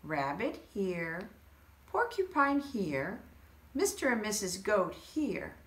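A woman's voice: medium pitch, sing-song, takes it slowly, echoey room. A woman voicing a kindly, polite male moose who speaks sweetly, in a storybook reading. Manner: courteous, sweet-voiced.

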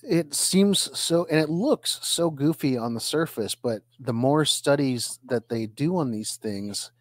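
A man co-hosting a casual podcast, reacting quickly with animated, jokey remarks. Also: medium pitch, no echo, studio quality. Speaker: podcast co-host.

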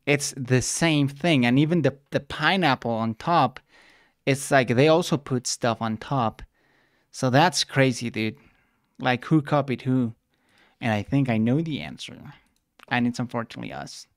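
A young man from Mexico chatting casually as he reacts to a video, excitable and quick to interject. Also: medium pitch, dry recording, studio quality.

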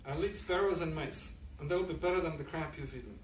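A man's voice: a little high, a little fast, close to an everyday voice. A man reading aloud the lines of a fed-up female house cat, scornful and grumbling. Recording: echoey room, distant mic, faint noise.

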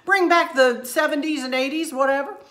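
A woman with a bright, fairly high voice chats to her camera at home as the host of a craft channel. She is effusive and emotional, laughing often, and her throat is a little scratchy. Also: fairly quick. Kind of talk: casual chat to camera. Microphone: handheld camera.

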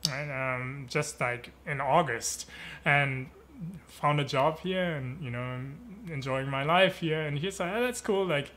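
Bright, high-voiced man telling lively stories. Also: unhurried. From Germany. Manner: animated storyteller who acts out quoted dialogue with lively voice shifts; peppers talk with "you know" and "right". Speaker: interview guest. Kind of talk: casual storytelling conversation.

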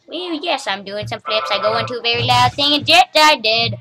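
A woman's voice: on the high side, brisk, few pauses, bright, forceful tone, faint music behind, rough recording. A woman giving playful, casual commentary on a game as she plays, reading level titles aloud and joking along the way. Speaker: gaming channel host.

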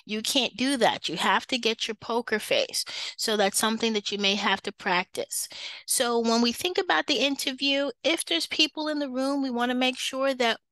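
A woman nursing instructor gives a recorded lecture with a bright, forceful tone. She talks casually, keeps checking in with her students, and acts out little bits of patient and nurse dialogue. The sound is close and dry. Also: fairly high pitch, normal speed, dry recording, poor audio. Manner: conversational, checks in with "okay" and "right"; acts out patient and nurse lines in quoted voices.

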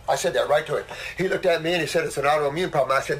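A man's voice: a little high, quick pace, few pauses, a little hiss or hum, poor audio. An older man hosting a casual talk, a blunt and boastful storyteller. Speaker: host. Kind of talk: casual conversation.

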